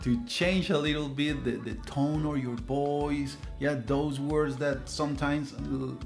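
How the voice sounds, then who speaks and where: A man's voice: fairly high pitch, steady tone, measured pace, music in the background. A man with a Colombian Spanish accent co-hosting a podcast in English as a teacher, asking questions hesitantly with many restarts. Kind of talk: casual podcast chat.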